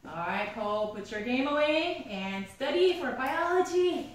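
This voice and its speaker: A stern, scolding mother, as a woman lecturer acts her out, barks drawn-out orders at her teenage child in a high, raised voice. The sound is echoey and picked up from across the room. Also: animated. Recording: echoey room, mic from far off.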